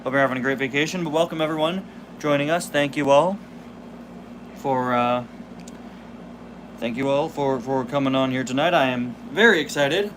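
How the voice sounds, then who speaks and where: A man's voice: medium pitch, moderate pace, pauses often, background noise. A man in his twenties hosting a casual live stream, chatting, laughing and reading the chat aloud while chewing candy. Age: 20s. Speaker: host.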